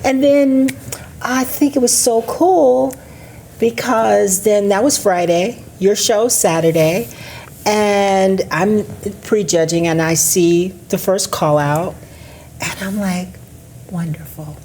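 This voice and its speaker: A woman bodybuilding competitor chatting casually and acting out a conversation with lively quoted lines. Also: medium pitch, slow, a little hiss or hum. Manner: lively, acts out dialogue in a raised voice. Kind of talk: casual chat.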